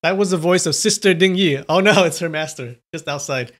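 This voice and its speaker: A man's voice: on the high side, brisk, a bit bright. A man reading a novel aloud on a live stream, stopping to chat about viewers' comments. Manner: chatty, reacts to viewers' comments.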